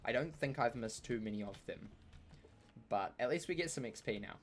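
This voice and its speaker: A man's voice: fairly low pitch, animated, a little fast. A man giving chatty, playful live commentary on a game he streams, with joking trash talk aimed at the enemies.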